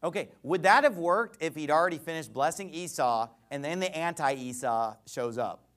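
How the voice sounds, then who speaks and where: A man preaching a sermon in an animated, mocking, emphatic way. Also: on the high side, normal speed.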